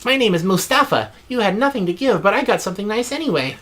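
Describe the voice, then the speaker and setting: A man's voice: high voice, expressive, fast talker, fairly bright tone, pitched above the performer's own voice. A man voicing a kind, earnest desert guide in a video game journal reading. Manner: simple earnest phrasing.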